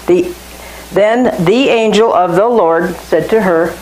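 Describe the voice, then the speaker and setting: Here a woman teaches scripture informally to a small group, unhurried and conversational, repeating and restarting phrases often. Her lowish voice is a little mellow, and the low-quality recording has an echoey room sound plus a little hiss or hum.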